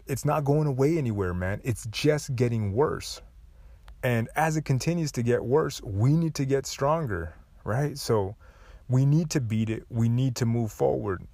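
A man's voice: mid-range voice, no echo. A young adult man talking earnestly and casually to other men, with many fillers, speaking as host. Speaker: host giving advice to men. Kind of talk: casual motivational talk.

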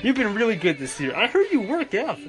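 A cheerful man in a Santa persona runs a holiday shout-out segment, his pitch bouncing up and down. Faint music hums behind him. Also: wildly swooping pitch, fairly quick. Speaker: podcast host in a Santa persona.

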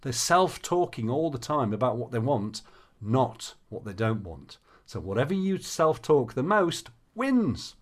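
A man's voice: medium pitch, unhurried. A man who works as a coach, telling stories and giving advice in conversation, acting out the dialogue he quotes. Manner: animated storyteller, acts out quoted dialogue.

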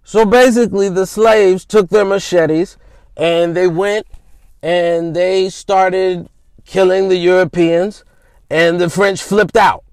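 A man's voice: high-pitched, steady tone, takes it slowly, no echo. A man hosting a podcast, telling history in a casual, slangy, conversational way. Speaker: podcast host. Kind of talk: informal history storytelling.

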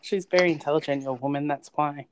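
A woman's voice: low-pitched, fast talker, noisy background. Chatty, laughing woman podcast co-host. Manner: chatty, laughs often, animated storytelling. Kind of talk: casual chat.

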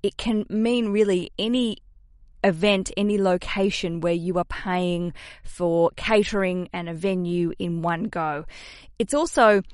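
A woman's voice: lowish voice, fairly even intonation, unhurried, darkish tone, no room sound. Australian woman, 30s, podcast host. Chatty, self-deprecating, casual swearing. Dry, close sound. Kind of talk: casual solo podcast chat.

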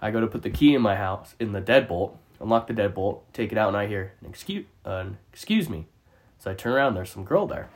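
A man's voice: fairly low pitch, fast talker, hardly any pauses. Guy ranting through a crazy story, cussing a lot, laughing, casual podcast chat. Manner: animated, profane, laughs through his story.

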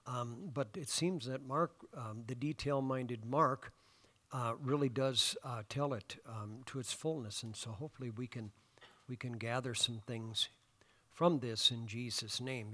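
A male pastor delivers a sermon in a church sanctuary, with a voice of ordinary middle pitch for a man. He talks in a loose, conversational way, throwing questions out to the congregation. He fills his pauses with ums and uhs. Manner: conversational, asks the congregation questions, many fillers.

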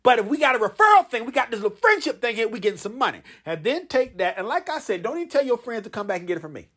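A man's voice: extremely high pitch, sing-song, fast talker, few pauses, fairly bright tone, breathy edge. A young man hosting a podcast, talking casually and playfully to his listeners, joking and chanting along with them. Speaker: podcast host.

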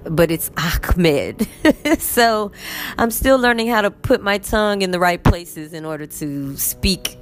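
A woman teacher with a Texan accent telling a story in a casual, animated vlog from her bed. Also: medium pitch, unhurried. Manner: animated, chatty, acts out quotes. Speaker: English teacher. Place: in bed at home.

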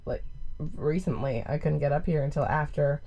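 A woman's voice: low-pitched, normal speed, warm tone, soft background music. A young woman co-hosting a podcast in casual chat, laughing often and trailing off. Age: young adult. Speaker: podcast co-host.

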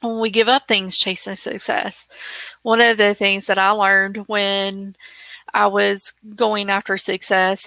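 A woman host talking unhurriedly, with a bright, forward voice. She reflects as she speaks. The recording is dry and close. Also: medium pitch, no room sound. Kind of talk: conversational chat.

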